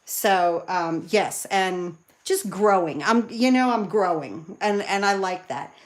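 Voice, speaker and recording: A woman chatting excitedly with viewers while she demonstrates card making live from her craft room. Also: on the low side, slow pace. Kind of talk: live crafting demo chat.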